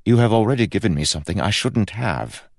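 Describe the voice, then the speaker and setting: A man voicing a playful, teasing young prince of about twenty, calm and wryly amused. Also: lowish voice, a little fast, gravelly, no echo, studio quality, voice pushed up.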